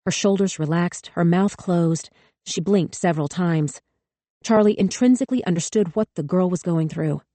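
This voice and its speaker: A woman narrating a thriller audiobook in a measured, tense way. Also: lowish voice, dark tone, no echo. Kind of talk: scripted narration.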